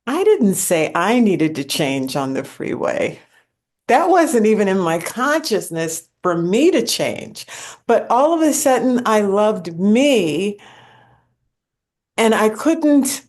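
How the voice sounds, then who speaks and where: A woman shares a personal testimony at an unhurried pace. She has a mid-range voice, and she tells the story by repeating key words for weight. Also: mid-range voice, darkish tone. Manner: slow, storytelling delivery with emphatic repetition. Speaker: speaker sharing a spiritual experience.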